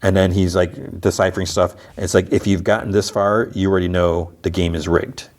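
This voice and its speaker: A man's voice: low voice, level tone, fairly quick, a little mellow. A man hosting a podcast, casually retelling scenes and quoting the characters with constant "he's like" asides. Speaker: podcast host. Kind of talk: casual episode recap.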